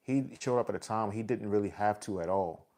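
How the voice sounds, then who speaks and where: Earnest deep-voiced man with sighs. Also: a little fast, a little mellow. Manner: earnest, sighing, repetitive, casual slang. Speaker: vlogger sharing faith testimony. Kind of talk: heartfelt personal talk to followers.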